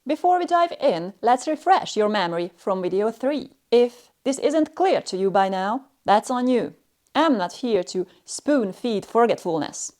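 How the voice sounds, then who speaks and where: A woman's voice: fairly high pitch, expressive, darkish tone, faint music behind. Stern, condescending woman teacher. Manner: slow, clipped delivery with pauses between short phrases. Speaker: language teacher. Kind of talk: scripted lesson narration.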